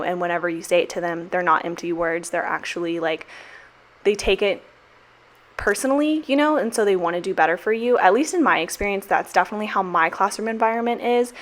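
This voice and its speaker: Chatty young woman, low-pitched voiceover. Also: a bit bright. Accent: American. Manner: chatty, emotional, many fillers and "like". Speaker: teacher and planner vlogger. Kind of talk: casual voiceover narration. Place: home kitchen.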